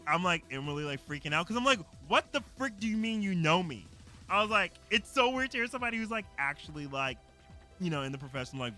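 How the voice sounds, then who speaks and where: A man chatting casually on a live stream, excitedly rambling with lots of "uh" and "like" fillers. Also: a little high.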